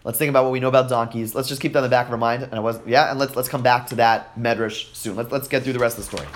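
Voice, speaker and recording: A man's voice: medium pitch, fairly even intonation, very fast. A man teaching a class, reading verses aloud and translating them, often praising his students' answers. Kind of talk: classroom text study.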